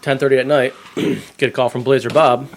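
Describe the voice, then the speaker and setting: A man's voice: mid-range voice, fairly even intonation, normal speed, creaky, a little hiss or hum. Profane man telling race stories. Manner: profane storytelling, acts out phone calls. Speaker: podcast co-host, race organizer. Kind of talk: casual chat.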